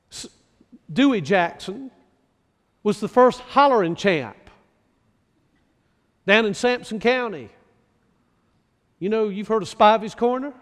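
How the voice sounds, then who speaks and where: A male pastor from North Carolina preaching a sermon, slow and deliberate, asking his listeners many questions. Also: sits high, big-room sound.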